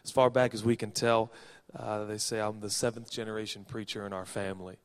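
A man from Seattle preaching a sermon as a pastor, reading scripture with folksy joking asides and swinging from soft to loud. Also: lowish voice, flat delivery, brisk. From Seattle, Washington, USA. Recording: long reverb of a large hall.

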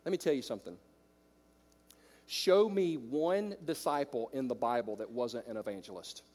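A man preaching a sermon to church leaders, swinging from hushed asides to loud, ringing declarations. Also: medium pitch, normal speed. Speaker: pastor. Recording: long hall reverb.

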